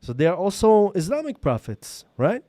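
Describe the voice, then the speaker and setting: A persistent middle-aged man with a mellow, fairly high voice keeps pressing his argument. The sound is close and dry, with no room around him. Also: big pitch swings, normal speed, no echo. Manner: persistent, interrupts with repeated phrases. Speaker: Jewish interviewer. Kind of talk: street debate.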